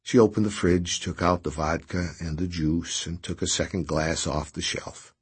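A man narrating an audiobook in a measured, expressive way. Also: deep voice, slightly rough.

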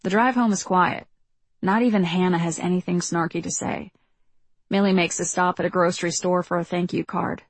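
A woman narrating a first-person audiobook in a measured, reflective way, recorded close on a studio mic. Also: lowish voice, steady tone, dry recording.

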